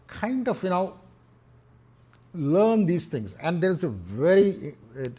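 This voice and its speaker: A middle-aged man with an Indian English accent giving a devotional discourse, talking in a halting way with many fillers and restarts. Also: on the high side, darkish tone. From Hyderabad, India. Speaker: temple speaker.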